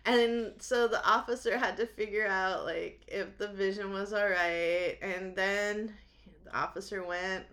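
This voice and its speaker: A woman's voice: medium pitch, fairly even intonation, measured pace, a bit bright. A woman with a New England accent, co-hosting a podcast and telling stories with lots of laughter and animation. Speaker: podcast co-host. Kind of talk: casual podcast chat.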